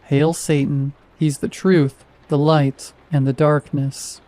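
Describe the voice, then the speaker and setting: A sinister male demon radio DJ drawls slow, mocking lines in a soft, mellow tone sitting a little high, as a man puts him on. His delivery is unhurried and sardonic, like a voice leaking out of a horror story. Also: flat delivery, no echo.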